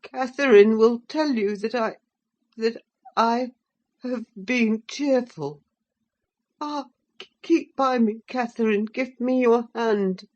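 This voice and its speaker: A woman playing a feeble, frightened young man, his voice lifted high and breathless with panting. He stammers and pleads slowly in an audiobook. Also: darkish tone, dull audio. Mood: frightened, pleading. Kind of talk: audiobook character reading.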